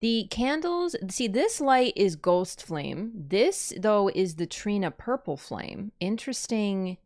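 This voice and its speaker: A woman YouTuber giving excited, rambling reaction commentary, swinging between loud gushing and hushed murmurs. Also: mid-range voice. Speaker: YouTuber reacting to a game trailer.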